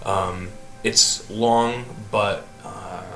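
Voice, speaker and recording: A man narrating a tabletop game as game master in a relaxed, halting way with many fillers. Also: on the low side, echoey room, faint music behind.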